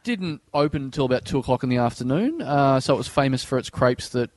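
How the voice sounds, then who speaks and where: An Australian man, a comedian and podcast host, telling long, rambling anecdotes in casual chat and slipping into animated impressions. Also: mid-range voice, fast, no echo.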